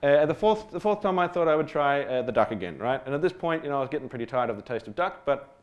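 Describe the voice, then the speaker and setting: A man's voice: fairly high pitch, expressive, fast talker, muffled recording. A man from Australia telling a humorous personal story in a talk, rambling with fillers, self-deprecating asides and casual swearing. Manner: rambling with many fillers and restarts. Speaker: speaker giving a stage talk.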